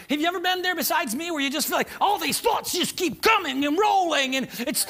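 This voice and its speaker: A male pastor preaching a sermon to a church congregation, animated and often breaking into shouts. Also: extremely high pitch, a little fast, hardly any pauses. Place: church sanctuary with live audience.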